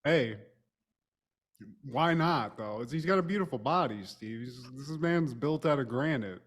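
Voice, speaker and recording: A man's voice: mid-range voice, animated, unhurried. A man co-hosting a podcast, recapping a TV episode in a loose, profane, joking way. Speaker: co-host.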